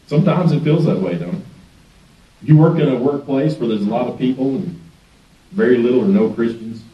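A man's voice: medium pitch, brisk. A man preaching as a guest pastor in a church, telling the story in a folksy way and often chuckling. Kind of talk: sermon. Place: church sanctuary. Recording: echoey sanctuary, distant dull mic.

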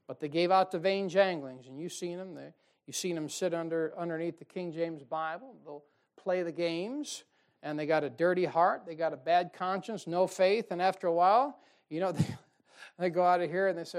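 A man's voice: high voice, moderate pace. Folksy preacher man, fiery. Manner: folksy, emphatic preaching with sudden loud bursts and mocking quotes. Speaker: pastor. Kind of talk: fiery sermon.

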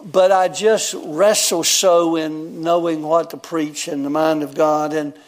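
A man's voice: fairly high pitch, level tone, measured pace. A man, telling a personal story in a folksy, rambling sermon and chuckling often. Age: 70s. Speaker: guest preacher.

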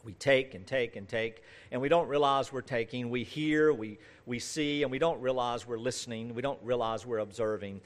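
A man's voice: mid-range voice, moderate pace, hardly any pauses. A man preaching a sermon, reading scripture and then talking earnestly and conversationally, with rising and falling emphasis and lists that build in force. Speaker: pastor.

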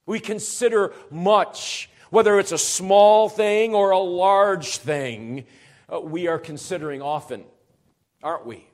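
A man's voice: high-pitched, slow. A middle-aged man, a pastor, preaching an expository sermon to his congregation, with earnest explanations that rise to emphatic urgency.

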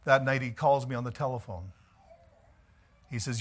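A man's voice: medium pitch, moderate pace, breathy edge. Storytelling preacher man. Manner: storytelling, animated preacher with chuckles. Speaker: pastor. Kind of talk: sermon.

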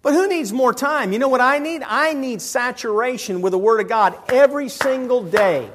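A male pastor preaching a sermon in a church, joking and swinging between loud emphasis and quiet asides. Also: very high-pitched, normal speed, background noise.

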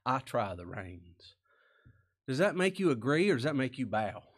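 A man preaching a sermon as pastor, folksy and plain-spoken, asking rhetorical questions and sometimes dropping to a hush. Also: mid-range voice, big pitch swings, moderate pace, slightly rough.

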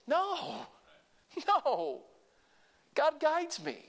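An older male pastor preaching with a high-pitched voice. He delivers his sermon emphatically, dropping to a hush and then rising loud again, and he asks the congregation to repeat short phrases back to him. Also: animated, measured pace, pauses often.

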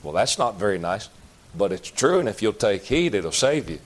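A man preaching a sermon in a folksy, emphatic way, jumping to loud outbursts and dropping to low, slow asides. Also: big pitch swings. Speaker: pastor.

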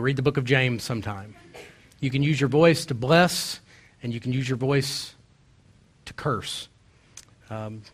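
A middle-aged pastor preaches a sermon in a mid-pitched male voice. He leans hard on key words and draws quoted verses out slowly for weight. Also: a bit bright. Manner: emphatic preaching with slow, drawn-out quoted verses.

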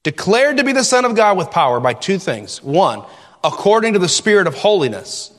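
Animated preacher in an echoing church. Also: male voice, high voice, brisk. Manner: expressive, conversational Bible teaching. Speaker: pastor. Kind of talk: sermon.

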